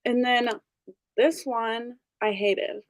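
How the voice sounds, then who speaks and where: A bubbly woman with a slightly high voice hosts an online group reading session, chatting casually and laughing often between remarks. She speaks slowly in a steady tone. The audio is dry and close, with no room echo.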